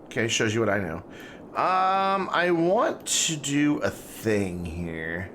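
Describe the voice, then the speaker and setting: A man's voice: medium pitch, slow, a little hiss or hum. Chatty man streaming a city-building game. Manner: relaxed, chatty, talks to himself and chat while playing; talking with mouth full. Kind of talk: casual live-stream commentary.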